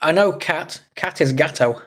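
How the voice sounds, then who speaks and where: A man's voice: a little high, expressive, unhurried, a bit bright. Chatty English man hosting a livestream. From England. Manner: chatty, joking, reacts to chat messages. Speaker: livestream host. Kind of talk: casual live chat reading comments.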